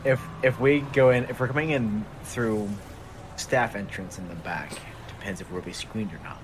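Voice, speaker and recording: A man's voice: fairly low pitch, normal speed, background noise. A man playing a tabletop game, planning aloud and stammering over restarts. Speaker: player. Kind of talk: tabletop role-play chat.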